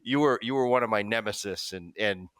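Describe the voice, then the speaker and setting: Man, podcast host, casual interview chat, somewhat low voice, dry studio sound. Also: a little fast, dry recording. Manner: storytelling, animated quoting.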